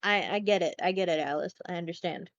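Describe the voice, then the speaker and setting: A woman co-hosting a casual podcast, retelling a film in a chatty, profane, animated way. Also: lowish voice, quick pace, no echo, dull audio. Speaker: podcast co-host.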